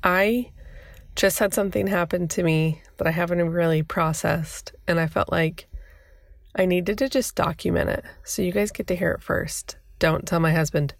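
A woman's voice: lowish voice, steady tone, moderate pace, vocal fry, dry recording, clean studio sound. A woman in her thirties hosting a podcast, telling a personal story in an emotional, flustered, rambling way. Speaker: podcast host.

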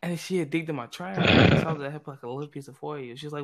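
A man's voice: a little high, fast, a bit bright. A young man, telling a story in casual chat with friends, acting out the quotes with lots of "I'm like.".

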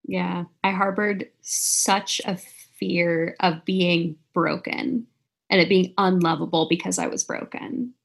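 A woman hosting a podcast interview, talking in a reflective and soft-spoken way. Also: fairly low pitch, fairly even intonation, slow, vocal fry. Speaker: podcast host. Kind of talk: casual interview talk.

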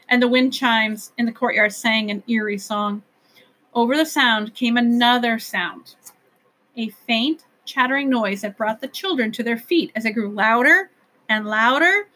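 A woman reading a children's novel aloud as narrator, with gentle, expressive storytelling. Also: on the high side.

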